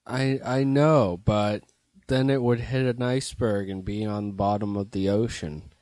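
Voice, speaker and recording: A young man co-hosting a comedy podcast, laid-back and deadpan with short replies. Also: on the low side, unhurried, dry recording. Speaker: podcast co-host. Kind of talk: casual comedic chat.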